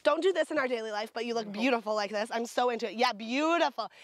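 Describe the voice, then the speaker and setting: A woman's voice: on the high side, fast talker, no echo. A woman directing a photo shoot, bubbly and gushing with enthusiastic praise as she calls out poses. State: sucking on a throat lozenge.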